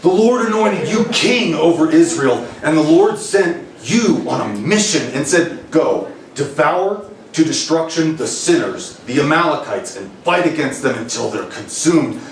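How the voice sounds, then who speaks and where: A man's voice: fairly high pitch, expressive, unhurried, hardly any pauses, slight background noise. A man voicing a stern old male prophet, reading solemn, scolding words of rebuke. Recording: roomy hall, distant mic, faint ambience.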